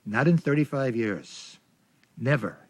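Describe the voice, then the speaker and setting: A man's voice: mid-range voice, lively intonation, measured pace. Older man recalling the old days. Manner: plain, reflective recollection. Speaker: interviewee recalling his career. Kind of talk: documentary interview.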